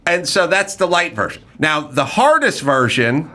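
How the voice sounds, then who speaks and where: A man's voice: a little high, very animated, sharp tone. A man hosting a podcast, riffing bluntly and profanely in a casual comedic rant. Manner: blunt, profane, riffing with quick mock impressions. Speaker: podcast host.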